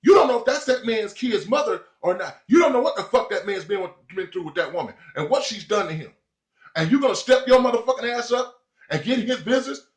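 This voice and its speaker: A man's voice: high voice, expressive, quick pace. A man ranting in heated, profane commentary, talking to his viewers. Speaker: vlogger. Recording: echoey room.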